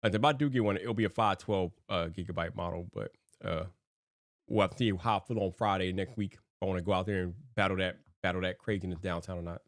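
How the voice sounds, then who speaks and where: A young man hosting a casual livestream, animated and slangy, laughing often. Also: deep voice, fast talker, dry recording, clean studio sound. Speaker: livestream host.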